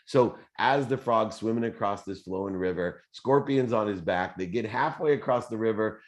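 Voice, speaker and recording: Deep-voiced man in his fifties hosting a live Q&A. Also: normal speed, few pauses. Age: 50s. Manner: animated, conversational storyteller with fillers. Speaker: host. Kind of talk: live Q&A motivational talk.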